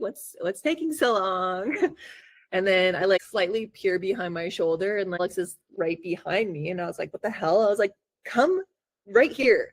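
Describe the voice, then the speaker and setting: Chatty low-voiced woman telling a story. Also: no room sound. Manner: chatty, lots of "like" fillers; acts out her own reactions in quotes. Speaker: podcast co-host. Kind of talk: casual storytelling.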